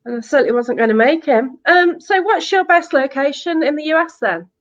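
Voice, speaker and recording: Host: British woman, high bright voice, friendly and chatty, dull lo-fi stream audio. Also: lively intonation, brisk. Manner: friendly, laughs often, greets viewers. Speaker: podcast host. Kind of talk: casual live podcast chat.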